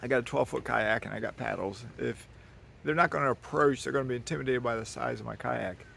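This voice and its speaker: Man, very gravelly voice, folksy rambling tour vlog, outdoor handheld camera with faint hiss. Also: mid-range voice, brisk, fairly bright tone. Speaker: vlogger giving a property tour. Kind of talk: casual walk-and-talk tour. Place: outdoors on a waterside dock. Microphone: handheld camera carried while walking. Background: birds.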